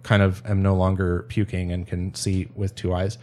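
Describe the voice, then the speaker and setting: A man's voice: low voice, monotone, normal speed, a little mellow. Rambling, laughing man telling a sailing story. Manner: rambling, self-interrupting, laughs often. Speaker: storyteller guest. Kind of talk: casual podcast storytelling.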